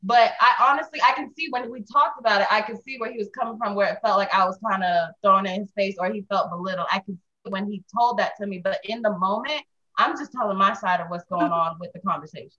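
A woman's voice: mid-range voice, fast talker, bright, forceful tone, highs cut off. A young woman talking candidly and reflectively about her own faults in a casual group chat.

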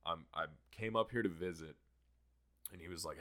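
Deep-voiced, profane young man telling stories. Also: fast, creaky. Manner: profane, animated storyteller. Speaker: podcast host. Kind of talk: casual storytelling chat.

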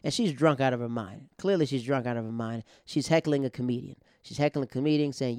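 A man's voice: a little high, brisk, a little mellow, clean tone, no echo, clean studio sound. A male stand-up comedian telling a long story in a casual, rambling way, with restarts, acting out the other people in it.

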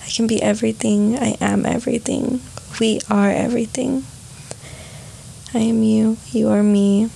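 A young woman vlogging a soft, heartfelt personal reflection on emotions. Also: a little high, little pitch movement, normal speed, vocal fry, pauses often, a little hiss or hum, poor audio.

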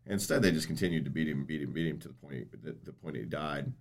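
A man co-hosting a casual podcast discussion, talking in halting bursts and repeating words as he starts each thought. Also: rumbling low, gravelly. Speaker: co-host, former prosecutor.

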